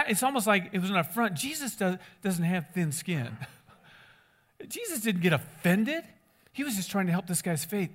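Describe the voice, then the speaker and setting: A pastor preaching to his church in a loose, conversational way. He is a man with a somewhat high voice who gets animated, rising and falling as he acts out the people in his stories. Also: normal speed. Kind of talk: sermon.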